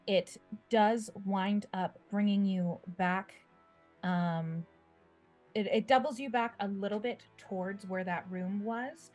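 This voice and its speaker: Woman running a tabletop game, steady mid-pitch voice, soft music behind. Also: slow pace. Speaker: game master.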